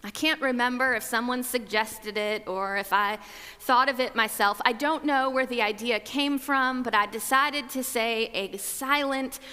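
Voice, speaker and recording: A woman telling a personal story about gratitude in a slow, reflective, measured way. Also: fairly high pitch, pushed and bright, clear, resonant tone, in a large hall. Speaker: speaker.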